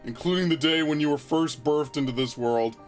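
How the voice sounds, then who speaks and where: A man voicing a boastful doting father who talks in a slow, grandiose, mock-sentimental way. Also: a little high, soft background music, close to an everyday voice.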